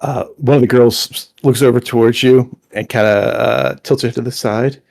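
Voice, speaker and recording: A man narrating as game master of an online tabletop game, halting and restarting as he describes the scene. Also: medium pitch, fairly even intonation, creaky, a little mellow, no echo.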